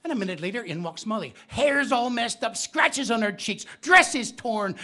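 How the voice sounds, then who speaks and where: A man's voice: very high voice, expressive, moderate pace, few pauses, bright, forceful tone. A man telling comic stories live to an audience in a bookstore, chatting with the crowd. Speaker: storyteller.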